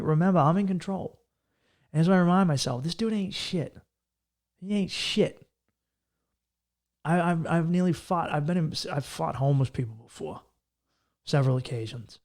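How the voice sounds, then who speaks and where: A male comedian hosting a podcast, talking in a casual advice monologue. He is blunt, swears freely and hammers his points home. His voice sits a little higher than most men's. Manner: profane, emphatic, blunt.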